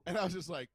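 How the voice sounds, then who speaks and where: A man's voice: high-pitched, slightly rough, no echo. A man, telling stories in casual podcast chat and swearing freely. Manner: storytelling, swears freely, acts out quotes. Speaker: podcast co-host.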